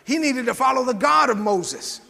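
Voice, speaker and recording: A man with a very high, gravelly voice delivers a sermon that keeps rising to shouts. His tone is bright and husky, and his words echo through a hall with a long reverb. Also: animated, normal speed. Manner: call-and-response preaching, often rising to shouts. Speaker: preacher.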